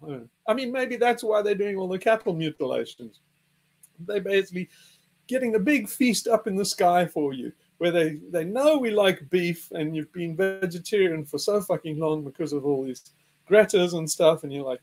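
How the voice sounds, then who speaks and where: A man ranting casually and sardonically, swearing a lot and acting out quick little voices. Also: high-pitched, lively intonation, darkish tone. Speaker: podcast host. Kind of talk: casual rant.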